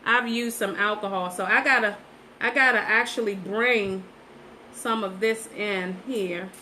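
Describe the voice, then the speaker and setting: Her mid-range voice is bright and forceful, unhurried, and comes through poor audio with slight background noise. She hosts a relaxed livestream from her phone while painting sunflowers, chatting directly to viewers and repeating herself.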